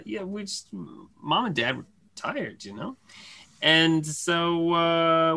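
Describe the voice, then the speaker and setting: Male co-host, bright and tense in tone, lively anecdote delivery with laughter and quick voice impressions. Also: high voice. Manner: animated storyteller who laughs and acts out family voices. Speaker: podcast co-host. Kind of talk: casual chat.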